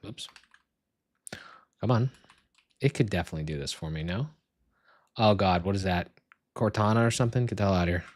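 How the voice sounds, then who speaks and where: A young man streaming live as he sets up software, swearing and muttering in frustration as he talks to himself and his viewers. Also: low voice, brisk, long pauses, dry recording.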